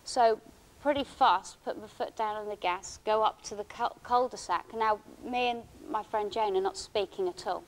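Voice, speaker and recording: A woman giving a conference talk, recounting a personal experience in a halting, emotional way with many restarts. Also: medium pitch, poor audio. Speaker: conference speaker. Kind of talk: first-person account given as a conference talk. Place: conference hall.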